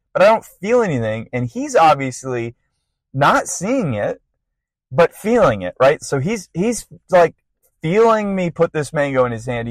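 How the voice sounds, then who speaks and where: Animated young man telling a story. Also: fairly high pitch, no echo. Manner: animated, laughing storyteller with many fillers. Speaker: podcast guest sharing a testimony. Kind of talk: casual storytelling.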